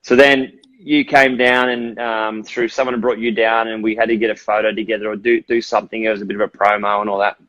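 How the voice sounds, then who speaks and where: An Australian man in his forties tells a story in an easygoing, relaxed way. His voice has a middle pitch, and it comes through a phone with dull, lo-fi sound. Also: brisk, few pauses. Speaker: guest. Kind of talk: casual chat on a live stream.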